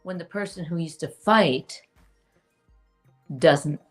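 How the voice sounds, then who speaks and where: A woman's voice: on the low side, slow, faint music behind. A woman, the host's mother, talking casually in a blunt, emphatic way and swearing freely. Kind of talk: casual chat.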